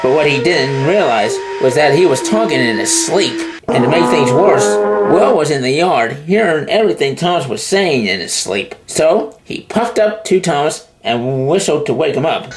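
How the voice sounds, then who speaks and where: A woman's voice: low-pitched, expressive, normal speed, few pauses, low-quality recording. A woman narrating a storybook tale about trains. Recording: loud background music.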